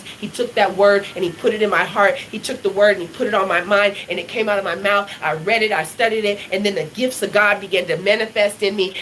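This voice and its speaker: A woman's voice: medium pitch, fairly bright tone, a little hiss or hum, poor audio. A middle-aged woman minister telling her testimony and prophesying, acting out the voices of the people in her story.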